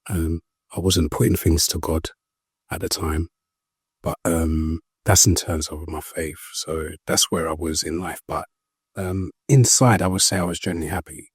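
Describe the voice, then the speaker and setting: Young guy w a low husky voice telling his story, lots of ums, dry close sound. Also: steady tone, normal speed, dry recording. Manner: hesitant, full of ums and restarts; earnest, recounting step by step. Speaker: guest. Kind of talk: personal story in a conversational interview.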